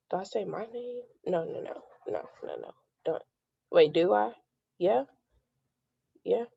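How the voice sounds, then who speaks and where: A young woman rehearsing a podcast intro, unsure and halting, stopping to ask questions. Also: lowish voice, expressive, gravelly, warm tone, husky, no room sound, highs cut off. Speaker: podcast student.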